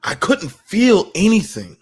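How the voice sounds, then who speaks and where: A man, a military veteran, telling a raw story in the first person, halting and profane with frequent restarts. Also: high-pitched, wildly swooping pitch, slightly rough.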